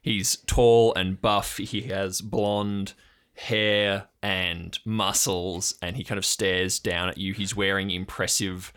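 A man narrating as game master, relaxed and halting, with frequent fillers. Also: sits low, smooth.

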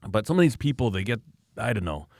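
A man from Canada, a knife maker on a casual podcast, ranting in a mocking, animated way about online critics. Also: lowish voice, quick pace, no echo, clean studio sound.

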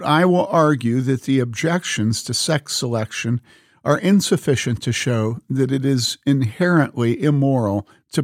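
A man's voice: medium pitch, a little mellow, dry recording, studio quality. Earnest man reading a book aloud. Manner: measured, earnest reading with spoken quote marks. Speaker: reader.

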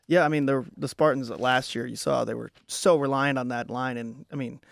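A man's voice: medium pitch, fairly even intonation, normal speed, creaky, no echo. A young man hosting a casual sports podcast, chatting with a co-host and thinking aloud through fillers and restarts. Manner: conversational, with frequent fillers and restarts.

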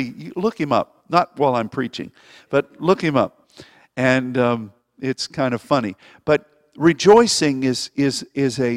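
A man's voice: mid-range voice, no echo, clean studio sound, long reverb tail. A man preaching a sermon as pastor, rambling and anecdotal, often restarting his phrases. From Springfield, Missouri.

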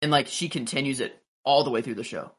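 A man's voice: mid-range voice, quick pace. A man co-hosting a podcast, chatting casually and rambling about a TV episode, full of "like" and restarts, swearing freely. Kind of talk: casual chat recapping a TV episode.

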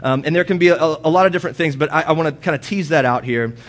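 A young man giving a casual sermon in a church, telling personal stories and mimicking arguments in a raised voice. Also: fast. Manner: animated storytelling, mimics quarrels in a high voice. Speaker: guest speaker. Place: church hall.

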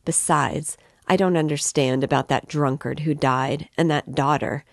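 A woman's voice: low voice, fairly even intonation, a little slow, vocal fry, no room sound. Anxious, fluttering middle-aged mother read by a woman, fretful and tearful, in a dry close voice.

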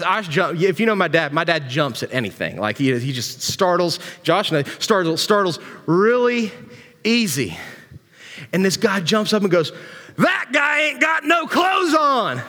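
A man's voice: sits high, bright, forceful tone, in a large hall. A man preaching a sermon as pastor, mixing scripture with folksy, joking stories. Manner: folksy storytelling with humor.

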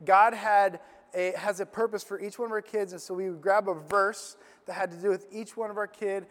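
A middle-aged man preaching a sermon as a personal story, animated and self-deprecating. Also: sits high, fairly quick. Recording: long hall reverb.

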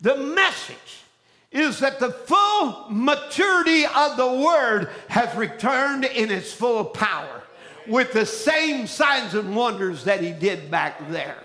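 A man preaching a fiery sermon, shouting out lines and then dropping to a hushed low voice. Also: big pitch swings, slow.

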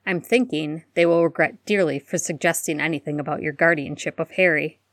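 Woman doing a tired graying man, quiet, guarded, low-key. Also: fairly even intonation, a little fast, no room sound, clean studio sound, close to an everyday voice. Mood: subdued. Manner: quiet, subdued, wry.

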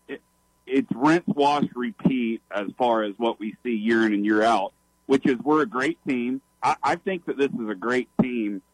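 A man calling in to a sports radio show, laying out his opinion in an earnest, measured way. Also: medium pitch, dry recording, rough recording. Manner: earnest, measured analysis with frequent "I think".

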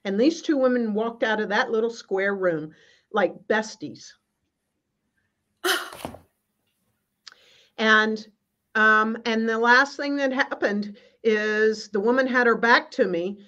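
A woman guest minister telling a personal spiritual story on a video call, in an earnest, halting way with many restarts. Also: on the high side, pushed and bright. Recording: slightly muffled.

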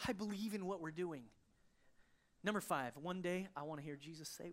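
A pastor giving an emotional sermon, moving between fervent emphasis and hushed, quiet passages. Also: medium pitch, a little fast.

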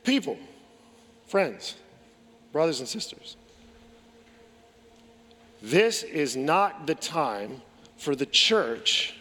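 A man preaching a sermon as pastor, pressing forceful rhetorical questions and often repeating words as he builds a point. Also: a little high, big-room sound.

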